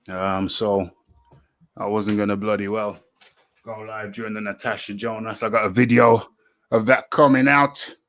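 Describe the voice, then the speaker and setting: A man's voice: lowish voice, moderate pace, a bit bright. A Northern English man hosting a live boxing chat stream, playful and jokey, often repeating his lines and bursting into shadowboxing banter. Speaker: boxing show host.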